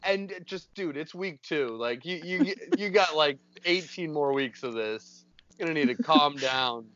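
A fairly high-voiced man talks over a dry, dull remote call line. He rambles excitedly and swears freely, hyped up in casual podcast chat. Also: unhurried, dry recording. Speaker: podcast co-host. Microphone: remote call mic.

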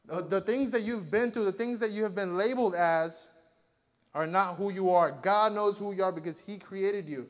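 A man's voice: high voice, normal speed, long reverb tail. A man preaching a sermon, retelling scripture in an earnest, conversational way with frequent fillers.

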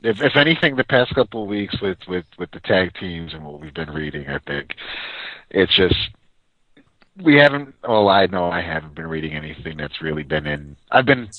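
Man, low voice, lively pitch, dry sound, earnest podcast co-host. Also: normal speed, no echo, dull audio. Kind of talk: casual chat.

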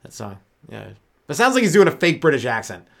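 A Canadian man hosts a solo comedy podcast while short on sleep, his mid-range voice swinging hugely in pitch, fairly quick and marked by vocal fry. He rambles loosely, swears often, and laughs at his own jokes.

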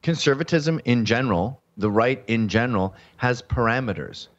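A man's voice: medium pitch, lively intonation, moderate pace. Man from canada, talk show guest, sardonic, mocking, slightly muffled audio. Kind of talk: casual talk show chat.

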